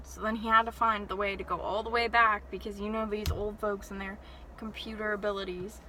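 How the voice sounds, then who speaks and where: A young woman telling an animated, exasperated story-time rant from her parked car. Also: medium pitch, a little fast, a little hiss or hum, poor audio. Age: young adult. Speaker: vlogger.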